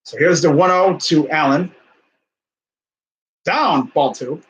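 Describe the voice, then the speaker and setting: A young man hosting a live baseball reaction stream, calling pitches casually with wry, laid-back asides. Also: takes it slowly, a bit bright, lo-fi sound.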